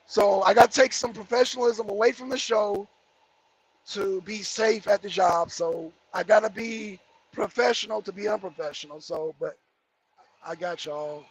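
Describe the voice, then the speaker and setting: The man's voice is high-pitched and husky, a little slow with long pauses, and recorded with no room sound. He drives a heavy truck and rambles jokingly through viewer comments on a casual livestream, breaking in with remarks about the road from his cab.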